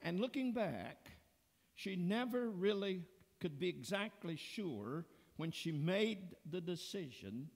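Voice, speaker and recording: Pastor, male, slow deliberate sermon delivery, gravelly, churchy reverb. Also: high-pitched, big pitch swings. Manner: slow, deliberate storytelling preacher. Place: church sanctuary.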